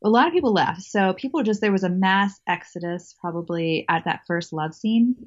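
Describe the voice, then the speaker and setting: A woman's voice: mid-range voice, animated, a little fast, highs cut off. A woman guest telling a story in a casual interview, chatty, laughing often and restarting her sentences.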